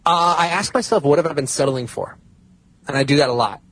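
A man's voice: on the high side, fairly quick, a bit bright, breathy edge, poor audio. A man speaking as a podcast guest, emphatic and repeating points for stress. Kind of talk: casual chat.

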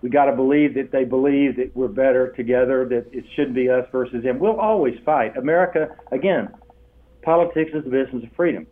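An older man, a guest telling stories in an interview, lively and acting out the voices he quotes. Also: medium pitch, brisk. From Texas. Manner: animated storyteller, acts out quoted voices with laughs. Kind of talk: storytelling interview. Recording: tinny phone-line sound.

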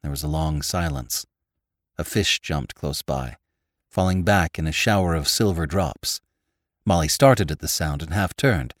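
A man narrating a classic story for a podcast in a measured, expressive storytelling manner. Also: rumbling low, dry recording, clean studio sound. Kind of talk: audiobook narration of classic fiction.

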